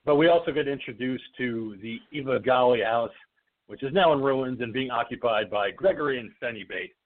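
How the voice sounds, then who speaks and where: A man's voice: mid-range voice, brisk. A man co-hosting a podcast in casual chat, swearing freely and acting out movie characters as he recaps a film. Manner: profane, jokey, acts out movie characters. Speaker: podcast co-host. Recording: phone-like lo-fi audio.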